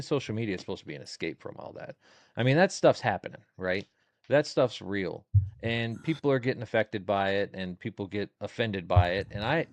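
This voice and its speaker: A man chatting as a podcast guest in a relaxed, talkative, earnest way. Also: mid-range voice, no echo. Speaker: guest, social media creator. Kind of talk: casual interview chat.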